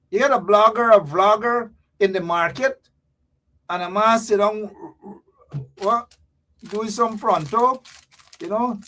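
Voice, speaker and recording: Guyanese male host with a high voice, delivering a fired-up, repetitive, slangy livestream rant. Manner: animated, repetitive and scolding, lots of local slang. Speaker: show host. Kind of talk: ranting livestream commentary.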